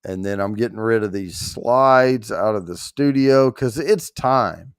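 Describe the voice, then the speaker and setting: A man hosts a casual livestream at an unhurried, drawn-out pace. He jokes loosely and swears mildly as he fumbles with the giveaway screen. The sound is dry and close, with no room behind him. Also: fairly low pitch, smooth, dry recording. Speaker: show host running a prize giveaway.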